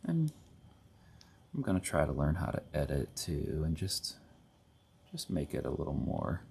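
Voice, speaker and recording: A man's voice: rumbling low, big pitch swings, measured pace, vocal fry, darkish tone, slight background noise. A middle-aged man hosting a casual hobby tutorial at home, chatty and rambling, often correcting himself mid-sentence. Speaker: host of a board gaming channel.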